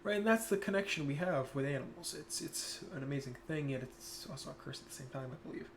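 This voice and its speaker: A young man streaming, talking casually and reflectively, turning soft-spoken when emotional. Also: on the high side, quick pace. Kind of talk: casual chat.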